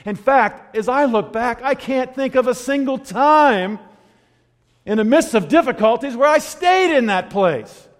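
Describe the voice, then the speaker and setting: A man's voice: very high voice, expressive, a little slow. Older male preacher in a big hall. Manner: humorous storytelling with laughs. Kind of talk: sermon. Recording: long hall reverb.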